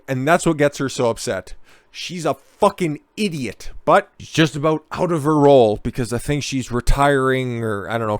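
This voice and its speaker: A man's voice: medium pitch, dry recording. A man ranting sarcastically about politics in a casual, profane, dismissive way. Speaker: political commentator.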